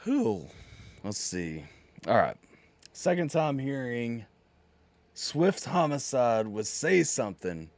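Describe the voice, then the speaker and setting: A man hosting a live music reaction stream, hoarse and nearly voiceless, chatting casually with his viewers and reading out their messages. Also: medium pitch, big pitch swings, slow pace, long pauses, dry recording. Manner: chatty, talks straight to viewers, reading out chat.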